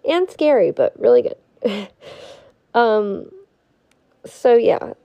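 A woman's voice: mid-range voice, big pitch swings, very slow, pauses often, lo-fi sound. A young woman with a stuffy nose giving an earnest, heartfelt spiritual pep talk to her viewers, swearing now and then for emphasis. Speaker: vlogger.

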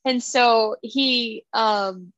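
A woman co-hosting a podcast in a casual book chat, retelling scenes with lively acted-out lines. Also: a little high, very slow, dry recording, dull audio. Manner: animated, acts out characters' lines while retelling. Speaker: podcast co-host.

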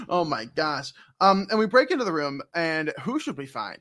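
A man's voice: on the high side, sing-song, moderate pace, few pauses, bright, forceful tone. A young man who co-hosts a casual podcast, rambling and joking with frequent laughs. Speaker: podcast co-host recapping a game. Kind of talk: casual chat.

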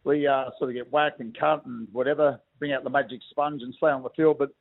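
A middle-aged Australian man who used to play rugby league calls in to a radio show, chatting in a friendly way and reminiscing while calling everyone "mate". His mid-range voice has vocal fry, fairly even intonation and a slightly quick pace, all heard over a tinny telephone line.

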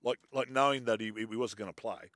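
A man's voice: mid-range voice, a bit bright, dry recording, clean studio sound. An Australian man, a former player, chatting casually and tripping over his words as he tells stories. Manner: quick, stumbling, repeats words. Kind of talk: casual chat.

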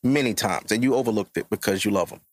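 A man's voice: on the low side, racing, darkish tone. A man in his thirties hosting a podcast, talking bluntly and profanely in casual chat. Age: 30s. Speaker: podcast host.

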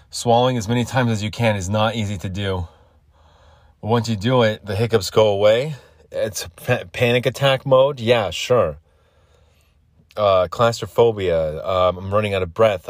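A podcast host with the hiccups rambles crudely on his solo show, growing more irritated as he goes. His voice is lowish, sitting close and dry on the mic with no echo or room around it.

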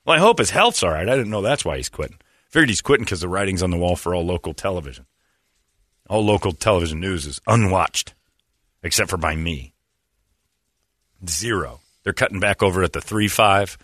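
A man hosting a talk show, telling comic stories in a loose, chatty way and acting out other people with sudden loud yelps. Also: low-pitched, brisk, no echo, clean studio sound. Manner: animated, acts out voices with loud yelps. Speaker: radio show host. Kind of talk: casual comedic storytelling.

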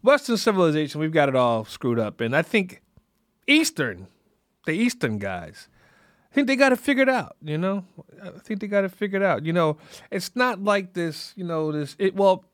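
Rambling, high-voiced man musing. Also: very animated, moderate pace, fairly bright tone, clean tone, no room sound, clean studio sound. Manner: rambling, full of "you know" and restarts. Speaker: podcast host. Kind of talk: casual, reflective monologue.

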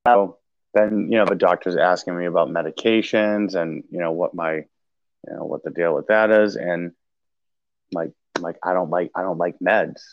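Gravelly low-voiced man, halting storyteller. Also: dry recording, highs cut off. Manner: halting, many restarts and fillers. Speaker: podcast guest sharing recovery story. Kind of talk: casual conversational storytelling.

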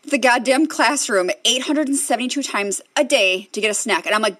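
A woman's voice: a little high, a little fast, a bit bright, no echo. A woman in her thirties, a therapist co-hosting a podcast, explaining ideas reflectively and checking in often with "right?", swearing casually. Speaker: podcast co-host. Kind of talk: casual chat.

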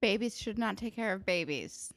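Young woman co-host, low and lively, blunt and sweary, close dry recording. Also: normal speed, no echo. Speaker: podcast co-host recapping a TV episode. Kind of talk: casual chat.

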